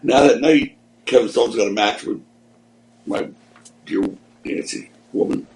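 A man's voice: mid-range voice, moderate pace, a little mellow, a little hiss or hum, poor audio. A man who was a wrestling promoter, telling rambling stories as a guest in a casual interview. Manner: rambling, conversational storyteller. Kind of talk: anecdotal storytelling in a casual interview.

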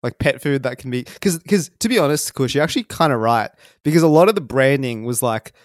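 A man's voice: medium pitch, fairly quick, dry recording, clean studio sound. A man, co-hosting a podcast and animatedly telling a story in casual chat. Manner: animated storytelling, laughing as he talks. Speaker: podcast co-host.

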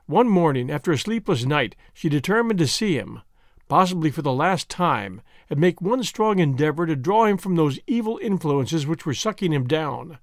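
A man reading a novel aloud as an audiobook narrator, with expressive storytelling. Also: on the high side, moderate pace, no room sound, clean studio sound. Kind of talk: scripted narration.

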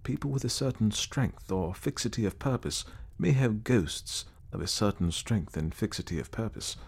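Earnest and sincere, this gentleman speaks with a reflective, slightly raised voice, as a male narrator puts him on. He sounds completely serious about what he says, never joking, and his tone is set lower than the average man's. It is the measured telling of a storybook character. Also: breathy edge, full character voice. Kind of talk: audiobook character voice.

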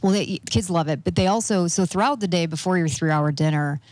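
A middle-aged woman in casual chat, telling a lively travel story with many fillers. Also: lowish voice, fairly quick, dry recording. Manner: animated storyteller, acts out quoted voices.

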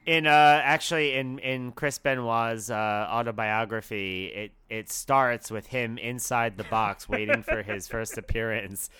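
A man with a smooth, resonant voice and a bright, forceful edge co-hosts a casual podcast. He keeps things playful and laughs easily. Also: mid-range voice, steady tone, measured pace, hardly any pauses, no room sound. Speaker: podcast co-host.

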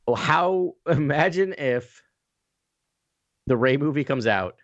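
A man's voice: a little high, expressive, slow, no room sound, lo-fi sound. A man co-hosting a fan podcast, chatting casually and animatedly, laughing easily. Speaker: podcast co-host. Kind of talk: casual chat.

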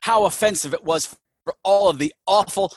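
A man hosting a casual movie review chat, animated, jokey and profane. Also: high voice, moderate pace, no echo. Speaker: podcast host.

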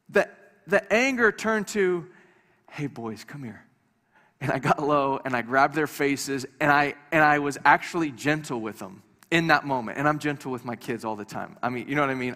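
A man's voice: a little high, pushed and bright. A man preaching a sermon to a congregation, talking conversationally with light humor and often repeating his words as he restarts. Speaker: pastor. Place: church hall before a congregation. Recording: long hall reverb.

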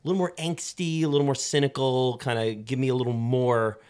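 A man's voice: medium pitch, steady tone, fairly quick, a little mellow, smooth. A man co-hosting a casual movie podcast, thinking aloud in long, rambling turns. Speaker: podcast co-host.

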